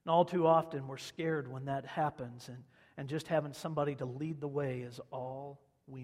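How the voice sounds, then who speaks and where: A man's voice: mid-range voice, steady tone, normal speed, darkish tone. Man preaching in an echoey hall. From Kansas. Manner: conversational storytelling, repeats phrases for emphasis. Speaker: pastor. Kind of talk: sermon.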